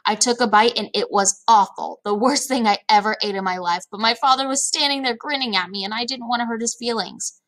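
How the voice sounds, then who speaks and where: A woman reading a children's chapter book aloud in a lively, expressive storytelling manner. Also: a little high, fairly quick. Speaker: read-aloud narrator.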